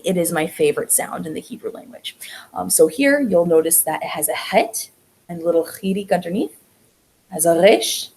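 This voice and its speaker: Woman, slightly low pitch, patient online language teacher, stretches out the sounds she demonstrates. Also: a little mellow, low-quality recording. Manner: patient, explaining step by step; drawn-out sounds when showing vowels. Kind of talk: online class lecture.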